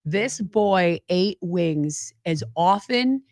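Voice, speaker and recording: A woman's voice: on the low side, dry recording, clean studio sound. A woman co-hosting a sports radio show, chatting casually and animatedly with her co-hosts. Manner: chatty, animated, quick to laugh. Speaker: radio co-host.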